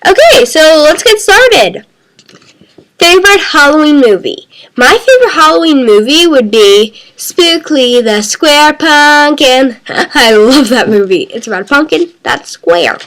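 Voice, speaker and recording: A young girl hosts a casual tag video from her own channel, playful and prone to giggling. Her voice sits high and swoops widely, and she takes her time over each word with a bright, clear tone. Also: very animated. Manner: playful, giggly, drawn-out words. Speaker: vlogger. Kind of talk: casual question-tag vlog.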